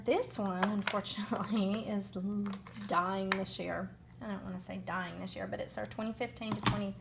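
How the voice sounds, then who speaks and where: Southern woman demoing crafts, unhurried and chatty, thinking aloud with pauses. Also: fairly high pitch, noisy background. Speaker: card-making demonstrator. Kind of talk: unscripted crafting demo.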